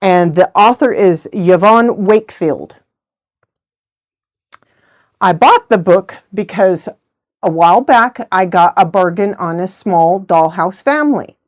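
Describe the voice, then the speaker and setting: Chatty middle-aged woman. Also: fairly low pitch. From United States. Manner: chatty, rambling, good-humored. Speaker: host of a knitting channel. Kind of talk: casual chat.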